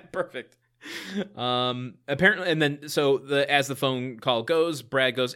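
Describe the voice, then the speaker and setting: A man with a bright, clear voice at a middle pitch, chatting casually as a podcast co-host. He walks through a sitcom episode scene by scene, quoting lines and laughing as he goes. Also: measured pace. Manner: laughs often, retells scenes with quoted lines.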